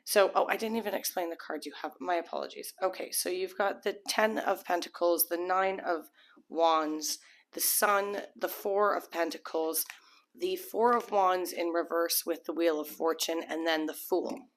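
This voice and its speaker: Chatty woman, slightly low voice. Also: fairly even intonation, moderate pace. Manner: rambling, chatty, many restarts and fillers; acts out imagined people's thoughts. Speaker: tarot reader. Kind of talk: casual tarot reading to camera.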